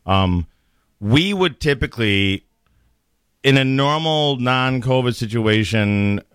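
A man's voice: medium pitch, expressive, slow, a bit bright, clean tone, no echo, clean studio sound. A man who owns a bar, talking bluntly in casual radio chat, with frequent restarts. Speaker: bar owner guest.

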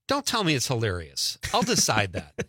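A middle-aged man hosting a talk radio show, chatting in an animated, opinionated way and laughing often. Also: mid-range voice, slightly rough, no echo, studio quality. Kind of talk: casual talk radio banter. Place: radio studio.

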